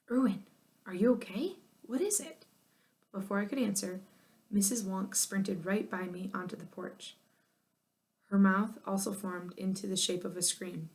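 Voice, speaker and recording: A woman narrating a children's chapter book in an expressive, lively way. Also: medium pitch. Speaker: audiobook narrator. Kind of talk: children's storybook reading.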